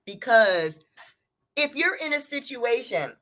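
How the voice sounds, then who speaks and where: Woman host, slow delivery, very lively pitch. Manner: reactive, slangy, exclaims and affirms. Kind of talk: casual interview chat.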